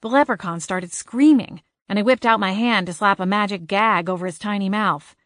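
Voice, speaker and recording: A woman narrating a cozy paranormal audiobook in the first person, lively with wry asides. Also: medium pitch, normal speed, dry recording, studio quality.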